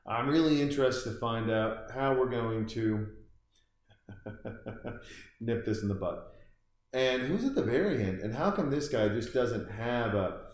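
A man's voice: mid-range voice, expressive, measured pace, pauses often. A man hosting a podcast from his house, rambling through casual, sarcastic commentary as he reacts aloud to a movie. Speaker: podcast host. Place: room in a house. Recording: roomy echo.

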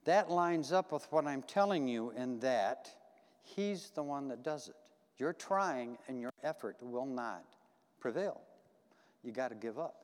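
A man's voice: medium pitch, lively intonation, unhurried. A man preaching a conversational sermon in a church, folksy and repetitive, asking the congregation questions. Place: church sanctuary. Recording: long hall reverb.

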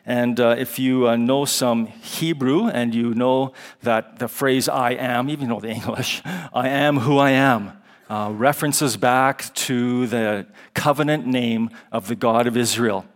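A man's voice: mid-range voice, unhurried. Conversational male chapel preacher. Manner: conversational, with ums, chuckles and spelled-out Hebrew letters. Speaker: guest chapel speaker. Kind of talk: chapel sermon with prayer and Bible teaching. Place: college chapel.

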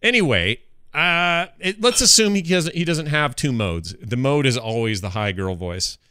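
A man's voice: mid-range voice, animated, normal speed, bright, forceful tone, clear, resonant tone, no echo, clean studio sound. A man hosting a casual podcast chat, joking with his co-host and reading listener emails aloud.

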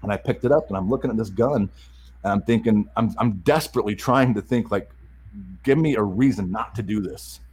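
A man candidly telling a personal story, halting and repeating words as he restarts his sentences. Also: lowish voice, darkish tone, slightly rough, poor audio.

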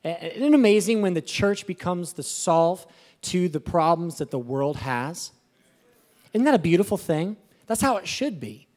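Pastor guy preaching, gets loud and fired up, swings between low and high. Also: normal speed. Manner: animated, rising to emphatic exclamations. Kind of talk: sermon.

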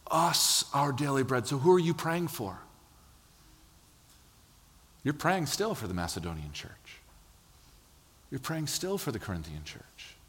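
A man preaching a sermon in a church, telling stories with lively, acted-out quotes. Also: on the low side. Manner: animated storytelling, acts out quotes. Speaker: pastor. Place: church sanctuary. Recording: long hall reverb.

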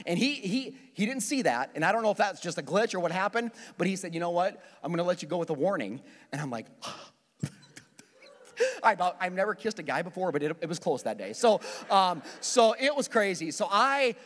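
A middle-aged man preaching from the pulpit, his fairly high voice swinging widely as he acts out his own story. The sermon carries a long reverb from a large church hall. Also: a little fast. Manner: animated storytelling, acting out his own panicked prayers. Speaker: pastor. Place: church auditorium.

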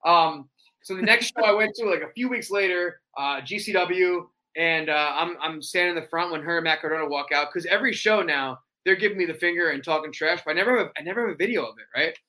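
A young man telling stories in a casual chat, animated and quick to slip into wrestler impressions. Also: fairly high pitch. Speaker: cosplayer guest.

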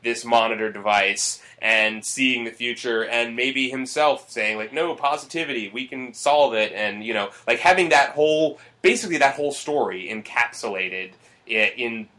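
A man's voice: mid-range voice, moderate pace, few pauses, sharp tone. A man hosting a casual movie podcast, rambling and swearing, with lots of fillers. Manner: rambling, profane, full of fillers. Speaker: podcast host.

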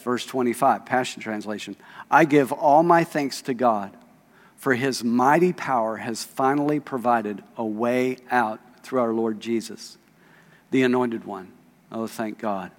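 A man's voice: medium pitch, a little slow. A male pastor preaching a sermon, reading scripture aloud in a conversational way and asking the congregation questions. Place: church sanctuary. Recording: long reverb of a church hall.

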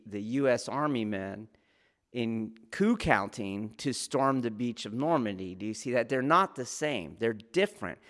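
A man's voice: medium pitch, a bit bright. A man teaching about martial arts in an informal lecture, talking conversationally and often checking whether listeners follow.

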